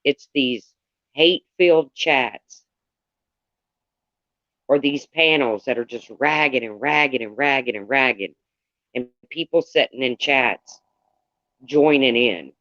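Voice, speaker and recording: Man, casual livestreamer, chatty and candid, muffled lo-fi audio, mid pitch. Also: fairly bright tone, no room sound. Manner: rambling and candid, greets viewers by name.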